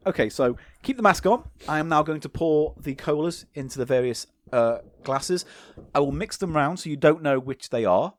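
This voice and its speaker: A man's voice: on the high side, animated, moderate pace, dry recording. A man co-hosting a comedy podcast, teasing and mock-insulting his co-host.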